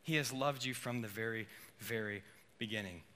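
A man preaching a sermon in a casual, animated way, with playful asides. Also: on the low side, moderate pace. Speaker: pastor.

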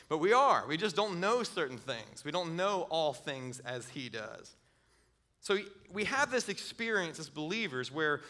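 A man's voice: a little high, bright, forceful tone. A middle-aged man preaching a sermon, earnest, often repeating words and chuckling as he goes.

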